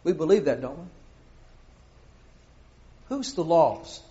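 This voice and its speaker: A man's voice: fairly high pitch, sing-song, slow, pauses often, dark tone, highs cut off. A middle-aged man preaching a sermon, often asking his congregation questions.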